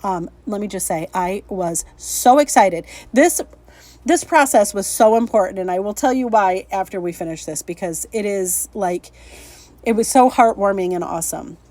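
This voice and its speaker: A woman's voice: mid-range voice, normal speed, warm tone. A woman hosting a casual craft tutorial vlog, chatty and upbeat, laughing at her own slips. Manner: chatty, upbeat, self-deprecating, laughs often. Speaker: craft channel host.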